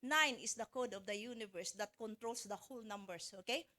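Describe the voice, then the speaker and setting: A woman motivational speaker gives a live seminar talk to an audience in a chatty, coaching style, joking with the crowd and often searching for words and restarting phrases. Her voice is on the high side, a little fast, with a sharp tone.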